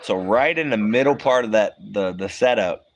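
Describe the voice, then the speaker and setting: A man in his thirties casually tells childhood stories on a livestream, swearing freely and laughing often between lines. His voice is lowish at a normal speed, with slight background noise.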